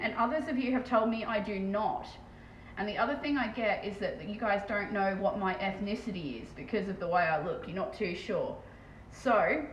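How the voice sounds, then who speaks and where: Fast-talking Australian woman, echoey room. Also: mid-range voice. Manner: very fast, chatty, swears casually. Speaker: live streamer and terrain painter. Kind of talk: casual live-stream chat. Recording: echoey room with faint background noise.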